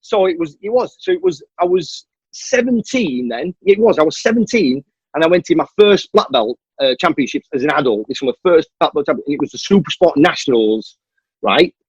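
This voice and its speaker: A man's voice: on the high side, a little fast, slightly rough, no echo. A man, a stuntman and martial artist, telling a long story as an interview guest and acting out the dialogue. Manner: animated storyteller who acts out the dialogue. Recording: dull, dry lo-fi audio.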